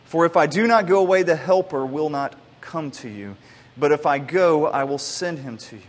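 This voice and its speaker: A man's voice: fairly high pitch, expressive, moderate pace. A man in his thirties preaching a sermon, telling stories in a loose, conversational way with many restarts. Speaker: pastor. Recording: long hall reverb.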